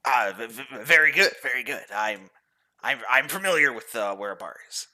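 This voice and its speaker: A man voicing a nervous, evasive guide who stammers and hesitates, with a bright, lively voice. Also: mid-range voice, moderate pace, pitched above the performer's own voice.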